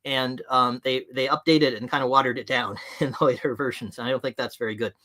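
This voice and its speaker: Guy with a bright voice running a live webinar, plain-spoken and direct. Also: mid-range voice, fairly even intonation, quick pace. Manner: frank, direct. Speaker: livestream presenter on management.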